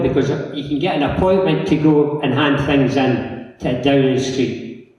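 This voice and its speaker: A man's voice: mid-range voice, steady tone, a little slow, recorded from a distance, muffled recording. Rambling Scottish man in an echoey hall. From Scotland. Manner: rambling, chatty storyteller who acts out others' lines. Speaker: local councillor giving a talk. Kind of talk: anecdotal conference talk. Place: large conference hall.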